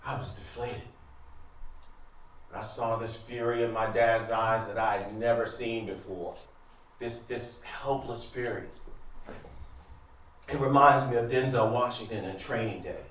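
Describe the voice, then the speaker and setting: A man's voice: medium pitch, fairly even intonation, measured pace, pauses often, fairly bright tone. An American man in his fifties telling a personal story on a live stage, speaking conversationally and with emphasis, and addressing the audience directly. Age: 50s. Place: live event venue, large room. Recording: echoey hall, voice heard from a distance.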